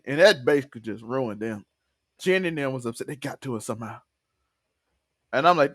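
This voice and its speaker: A man hosting a TV review podcast, recapping an episode in excited casual chat, laughing often and acting out characters' lines. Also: medium pitch, fairly quick, no echo, clean studio sound.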